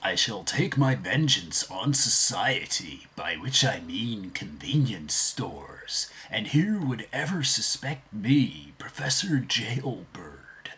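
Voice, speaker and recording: A man voicing a scheming, paranoid small-time villain in a hushed, conspiratorial way. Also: on the low side, sing-song, slow pace, hardly any pauses, husky, heavily acted, low-quality recording.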